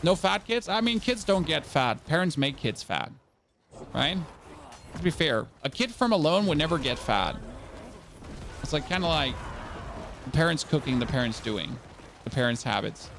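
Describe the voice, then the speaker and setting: A man's voice: a little high, very animated, normal speed, vocal fry, pauses often, background noise. A German man, a native German speaker, chatting casually on his live stream, rambling, repeating words and swearing now and then. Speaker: game streamer.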